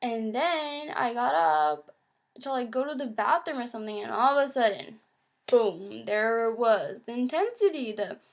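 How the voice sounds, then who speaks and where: A woman's voice: on the high side, expressive, moderate pace. A woman vlogging in a casual confessional way, chatty and full of filler words, acting out her own past thoughts. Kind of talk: casual confessional talk to camera.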